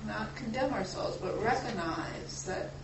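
A woman in the congregation speaking up during a sermon, slow and reflective, thinking aloud. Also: medium pitch, animated, noisy background. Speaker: congregation member. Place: church or meeting room. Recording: echoey room, distant mic, ambience.

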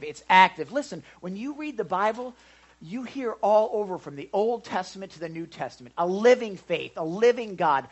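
Animated male preacher with a lively voice. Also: a little high, highs cut off. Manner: animated, swings from loud to hushed, asks the congregation questions. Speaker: pastor. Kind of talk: sermon.

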